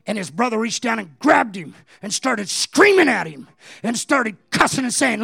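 A man preaching a sermon as a pastor, telling a story in a low, conversational voice that climbs into shouted, impassioned preaching. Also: animated, moderate pace, vocal fry, dry recording, clean studio sound.

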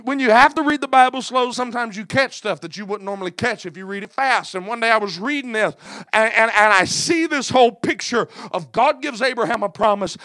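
A man's voice: high voice, a bit bright, dry recording. A man preaching a sermon in an impassioned cadence punctuated by "uh", with folksy, plain-spoken asides.

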